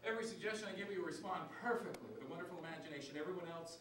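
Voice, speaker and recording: Fast-talking man hypnotizing a stage group. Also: high-pitched. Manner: commanding, repetitive, rhythmic. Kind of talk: hypnotic suggestion patter. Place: television studio stage. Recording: roomy stage sound from a distant mic, with background noise.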